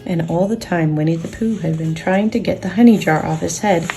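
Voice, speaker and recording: A woman gently and expressively reading a children's book aloud, with soft guitar music behind. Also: on the low side, fairly quick. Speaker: storyteller and sculptor.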